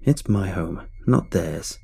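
A resolute old grandmother, as a male narrator puts her on, who speaks slowly in a low, quietly menacing way. The tone is dark and mellow with a husky edge, in a spoken horror story. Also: exaggerated voice. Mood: calm, grim.

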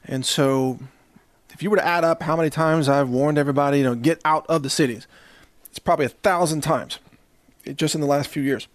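Male host, sarcastic ranter, higher register, dead-dry room. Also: fairly quick, no room sound. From Southern US. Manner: sarcastic, chuckling between jabs. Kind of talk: ranting monologue.

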